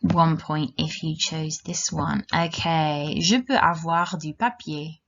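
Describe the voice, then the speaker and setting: A woman teaching a children's language lesson, giving slow, clear, encouraging instructions. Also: low-pitched, fairly bright tone. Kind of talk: recorded classroom lesson for children. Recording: dull lo-fi recording.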